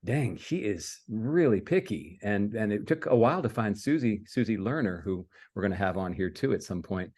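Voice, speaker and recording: A man's voice: fairly low pitch, fairly quick, few pauses, darkish tone. A man from Maryland, a producer co-hosting the interview, talking in an enthusiastic, affirming way and laughing easily. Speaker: producer, co-host. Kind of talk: casual interview chat.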